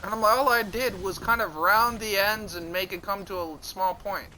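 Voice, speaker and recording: Bright high-voiced man ranting casually. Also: moderate pace, a little hiss or hum, rough recording. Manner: profane, rambling, exasperated storytelling. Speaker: streamer. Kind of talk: casual livestream storytelling.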